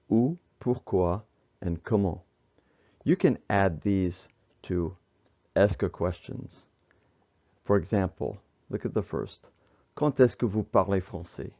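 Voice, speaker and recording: A deep, mellow male voice that moves at an unhurried pace, explaining French grammar step by step in a measured teaching manner. The recording is slightly muffled and lo-fi. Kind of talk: instructional narration.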